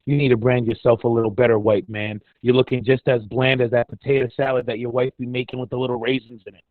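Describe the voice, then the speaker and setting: A man's voice: mid-range voice, flat delivery, fast talker, dry recording. A man, from a Dominican family, delivering a heated, profane, sarcastic sports rant as a podcast co-host. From Dominican heritage. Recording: dry, tinny phone-like line.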